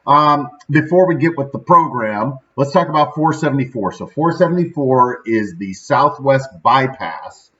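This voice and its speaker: A man's voice: mid-range voice, expressive, moderate pace, few pauses, pushed and bright. A man in his thirties from central Illinois, who hosts a daily motivational show in a rambling, upbeat way and often tags on "right?". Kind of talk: casual motivational talk. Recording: slightly dull, lo-fi sound.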